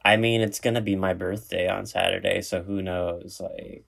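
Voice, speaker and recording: A man's voice: deep voice, fairly even intonation, moderate pace, gravelly, fairly bright tone. A young man hosting a podcast, rambling jokily with lots of fillers. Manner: rambling, filler-heavy, jokey. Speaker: podcast host. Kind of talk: casual chat.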